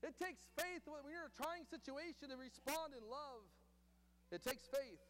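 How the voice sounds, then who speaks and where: A man's voice: extremely high pitch, moderate pace, fairly bright tone. A man preaching a sermon with earnest, repetitive emphasis in a church hall. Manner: earnest preaching, repeating phrases, reads scripture and quotes aloud. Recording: long hall reverb, faint hum.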